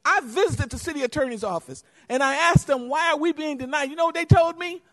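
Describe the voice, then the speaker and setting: An angry woman making a public comment, accusatory and pushing back when she is interrupted. Her voice is very high and sharp. It rings with long reverb in a big chamber. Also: animated, brisk. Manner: heated, accusatory, talks over interruptions. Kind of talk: public comment at a council meeting. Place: council chamber. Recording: reverberant hall.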